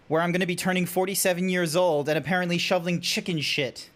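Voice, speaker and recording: A man's voice: sits high, steady tone, fast, hardly any pauses, a bit bright. A man with an Australian accent chatting playfully with his chat while streaming a game. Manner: playful, joking, teasing chat. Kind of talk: casual chat while gaming.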